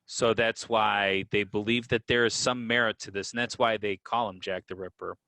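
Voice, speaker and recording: A man co-hosting a podcast, explaining history in a relaxed, conversational way. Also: on the low side, moderate pace, no echo. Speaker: podcast co-host. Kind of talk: casual conversational storytelling.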